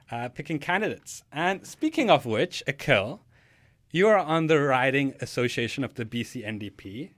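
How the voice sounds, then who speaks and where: A man co-hosting a podcast in casual chat, rambling with lots of fillers and restarts. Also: mid-range voice. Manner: relaxed, rambling with many fillers. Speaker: podcast co-host.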